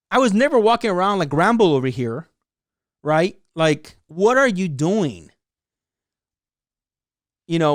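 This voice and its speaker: A fairly high-pitched man from San Diego rants through his vlog commentary, tossing in "like" and "you know" constantly. His voice is smooth and clean, recorded close and dry with no room around it. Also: dry recording. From San Diego, California, USA. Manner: heated ranting, full of "like" and "you know". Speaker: vlog host. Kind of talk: opinionated commentary.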